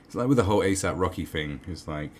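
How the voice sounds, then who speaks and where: A man's voice: sits low, animated, fast, a little hiss or hum. A man giving sarcastic, profane commentary as he reads an article aloud, with mocking asides. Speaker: online commentator.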